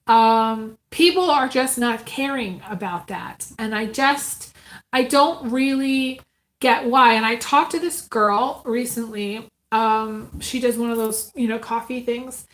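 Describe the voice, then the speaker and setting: A woman's voice: fairly high pitch, slow, fairly bright tone. A woman giving a casual live tarot reading, talking earnestly and from the heart, with many ums and restarts. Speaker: tarot reader.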